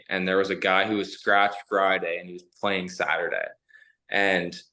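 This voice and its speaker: A man hosting a podcast, talking in a relaxed, conversational way. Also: fairly low pitch. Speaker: podcast host, university hockey player. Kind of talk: casual chat.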